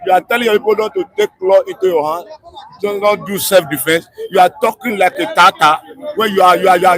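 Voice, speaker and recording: Fiery high-voiced Nigerian man. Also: low-quality recording. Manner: fiery, often shouting, mixes pidgin, repeats himself. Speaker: interviewee. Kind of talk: impassioned street interview.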